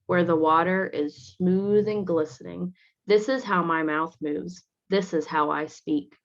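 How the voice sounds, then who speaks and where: A woman teacher reading a picture book aloud to children, stopping gently to explain the pictures. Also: fairly low pitch. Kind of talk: read-aloud with commentary for children. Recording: dull lo-fi recording.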